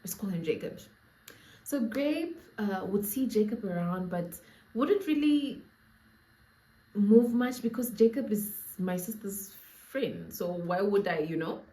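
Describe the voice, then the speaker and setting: A woman's voice: mid-range voice, expressive, a little slow, dark tone. A young woman with a Namibian accent tells a storytime to her viewers, playful and laughing, with asides to the audience. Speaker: storyteller vlogger. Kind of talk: casual storytime chat. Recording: echoey room.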